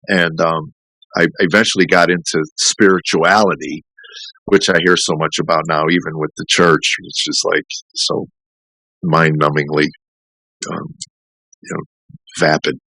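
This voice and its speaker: A man's voice: a bass voice, flat delivery, unhurried, long pauses, bright, forceful tone, dry recording, poor audio. A middle-aged man, a comedian, telling a candid, rambling personal story in a podcast interview, full of restarts and fillers. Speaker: comedian guest.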